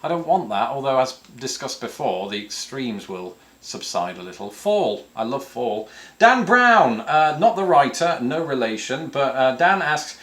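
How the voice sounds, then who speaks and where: A man's voice: medium pitch, sing-song, measured pace, a bit bright. A man from the north of England, hosting a casual question-and-answer video from home, rambling and self-deprecating with many fillers and restarts. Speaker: YouTube host answering viewer questions. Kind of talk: casual chat. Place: home, with a cat nearby.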